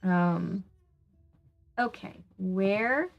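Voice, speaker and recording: A woman's voice: medium pitch, very slow, vocal fry, lo-fi sound, faint music behind. Exasperated Southern woman streaming a game. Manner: chatty, exasperated, talks back to the game and viewers. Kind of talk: casual let's-play commentary.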